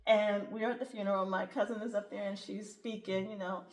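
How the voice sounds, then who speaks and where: A woman hosts a podcast in easygoing conversation, chatty and quick to laugh. Her voice sits in the middle of the range. The recording carries a noticeable roomy echo. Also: medium pitch, little pitch movement. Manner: chatty, laughs often, says "you know" a lot. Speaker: podcast host. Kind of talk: casual chat.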